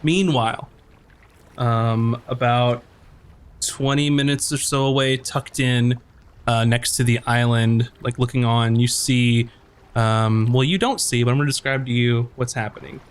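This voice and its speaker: A man's voice: medium pitch, fairly even intonation, unhurried, smooth. A man narrating as game master of a tabletop game, rambling with many fillers.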